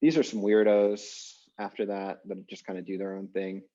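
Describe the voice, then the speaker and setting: A man teaching an online language class, explaining in a relaxed, chatty way with lots of fillers over a video call. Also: deep voice, normal speed, highs cut off. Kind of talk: casual online class lecture.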